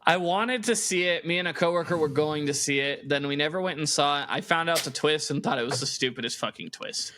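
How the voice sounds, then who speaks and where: A man's voice: fairly high pitch, fairly quick, few pauses, a little hiss or hum. A man co-hosting a casual podcast, telling stories with lots of swearing and laughter. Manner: animated storyteller, swears, laughs through stories. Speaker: podcast co-host. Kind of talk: casual chat.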